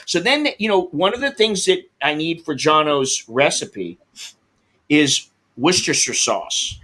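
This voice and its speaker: A man's voice: a little high, lively intonation, a little slow, pushed and bright. A man hosting a livestream, telling a frustrating delivery story and reading comments, swearing and acting out both sides of the calls. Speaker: livestream host.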